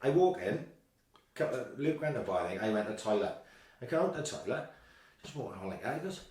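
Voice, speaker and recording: A man's voice: on the low side, fast. Sweary Welsh man telling a story. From Wales. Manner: animated, sweary anecdotes with quoted voices. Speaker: podcast co-host. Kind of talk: casual storytelling chat. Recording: roomy, echoey room.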